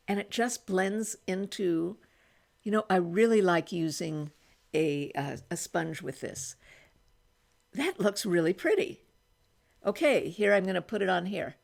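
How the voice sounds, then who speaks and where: A woman's voice: fairly low pitch, expressive, unhurried, creaky. A woman in her eighties chatting casually while trying on makeup in a small room at home, thinking aloud and restarting her sentences. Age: 80s. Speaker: beauty vlogger. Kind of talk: casual makeup try-on vlog.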